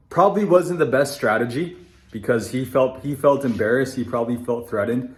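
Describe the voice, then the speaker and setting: A young Canadian man who owns a construction business candidly tells a personal story in blunt, casual speech packed with fillers and reenacted dialogue. His voice is medium-pitched and brisk.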